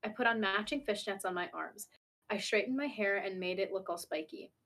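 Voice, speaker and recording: A young woman co-hosting a casual podcast, reading fanfiction aloud in a laid-back, deadpan way with quick asides. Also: medium pitch. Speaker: podcast co-host.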